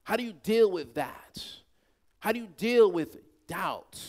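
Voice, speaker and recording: Preacher, male, high-pitched, delivering a call-and-response sermon with sharp swings in volume. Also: expressive, measured pace.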